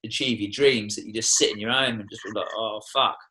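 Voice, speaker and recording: Young aussie guy on a podcast, bright punchy voice, preachy and swears a lot. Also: fairly low pitch, fairly even intonation, fairly quick, poor audio. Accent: Australian. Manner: passionate, heavy swearing, preachy. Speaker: podcast guest, tour guide. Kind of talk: casual podcast conversation. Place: podcast studio room.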